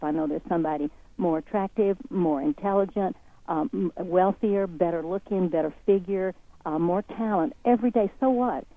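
A woman's voice: lowish voice, no room sound. A woman with a Southern accent, a guest speaking in an interview in a folksy, earnest, encouraging way. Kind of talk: motivational interview talk. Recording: tinny phone line.

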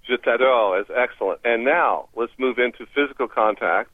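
A man's voice: mid-range voice, normal speed, no room sound. A man guest explaining foreign phrases on a radio interview in an upbeat, teacherly way, laughing easily. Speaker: language expert guest. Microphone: phone call. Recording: tinny phone line.

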